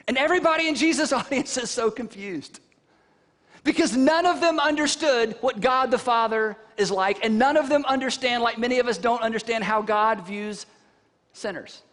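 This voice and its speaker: A man preaching a sermon, telling the story with animated, conversational flair and putting rhetorical questions to his listeners. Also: very high-pitched, normal speed. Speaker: pastor. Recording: long reverb from a large hall.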